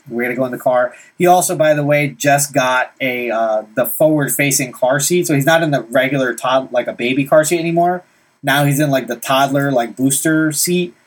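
Husky young dad rambling casually. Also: male voice, mid-range voice. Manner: rambling, lots of "like" and "right?". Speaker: vlogger dad. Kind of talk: casual storytelling to camera.

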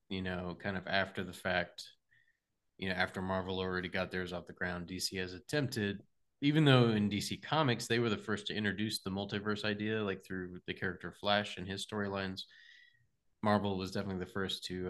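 A young man co-hosting a casual movie podcast, rambling with many fillers and getting animated when he jokes. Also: deep voice. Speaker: podcast co-host. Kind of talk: casual movie review chat.

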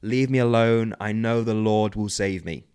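A man's voice: on the low side, steady tone, normal speed, darkish tone, smooth, close to an everyday voice. A man voicing a stubborn, devout drowning man who insistently refuses rescue. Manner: insistent, pleading.

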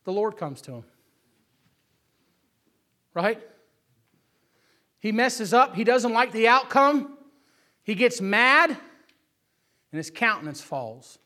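Guy preaching really high and bright, punchy, goes loud then quiet, keeps asking amen. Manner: emphatic, swings between shouting and hushed asides, keeps asking "Amen?". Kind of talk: sermon.

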